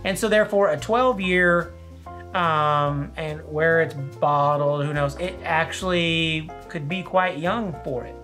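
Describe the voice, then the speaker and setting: A man's voice: a little high, slow pace, sharp tone, soft background music. Joking man co-hosting a whiskey chat. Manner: joking, loose banter. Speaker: whiskey review co-host. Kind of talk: casual tasting chat.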